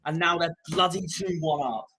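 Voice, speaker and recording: Bright-voiced young man ranting through a watchalong. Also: on the high side, normal speed, husky. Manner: frustrated, ranting, swings between muttering and shouting. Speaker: football watchalong streamer. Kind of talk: live football watchalong commentary.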